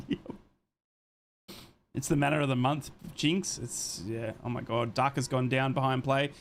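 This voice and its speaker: A young man streaming a live football watchalong, calling the match play by play and reading out chat messages, excitable and swearing freely. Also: mid-range voice, measured pace, creaky, a little hiss or hum.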